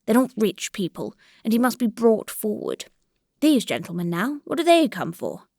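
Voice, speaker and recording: A woman's voice: a little high, huge pitch swings, normal speed, gravelly, darkish tone, no echo, studio quality, full character voice. Woman reading as an old resigned landowner. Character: old grey-whiskered male country landowner, resigned.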